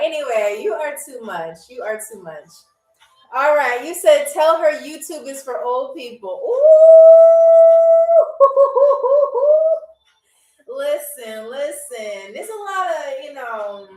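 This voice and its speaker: High-voiced chatty woman hosting a game. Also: roomy sound, far from the mic, low-quality recording. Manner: chatty, teasing, laughs often. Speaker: game show host. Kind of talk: playful livestream hosting.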